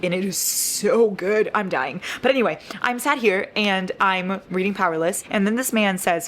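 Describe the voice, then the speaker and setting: A woman's voice: mid-range voice, brisk, hardly any pauses, faint music behind. A young woman vlogging about a book she is reading, gushing and dramatic, swearing freely as she talks. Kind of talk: casual reading vlog.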